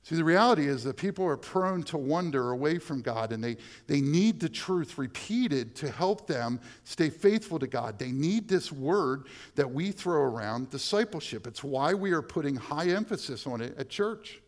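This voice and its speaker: Male pastor, fairly high voice, preaches with big swings between quiet and loud. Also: lively intonation, moderate pace, hardly any pauses. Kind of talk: sermon.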